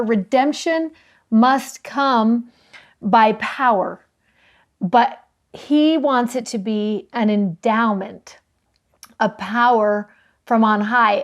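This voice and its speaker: Woman co-host, higher register, earnest storyteller who slows down for emphasis. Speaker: co-host of a scripture study show. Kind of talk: casual scripture discussion.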